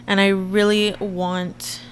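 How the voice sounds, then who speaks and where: A woman in her twenties giving a chatty, expressive reaction commentary to her viewers. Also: medium pitch, takes it slowly, slight background noise. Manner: chatty and expressive, frequent laughs and asides to viewers. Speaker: reaction vlogger.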